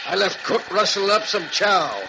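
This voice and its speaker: Commanding radio-drama sea captain, brisk orders, loud hiss. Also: male voice, high voice, vocal fry. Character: commanding lifeboat sea captain, adult man. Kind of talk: 1940s radio acting. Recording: hissy old radio broadcast.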